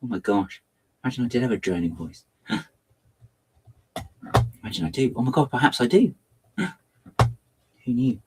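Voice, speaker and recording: A man's voice: moderate pace, long pauses, slight background noise. A man chatting playfully and self-mockingly while building on a livestream. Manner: lively, theatrical swings into high pitch. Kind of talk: casual livestream chat.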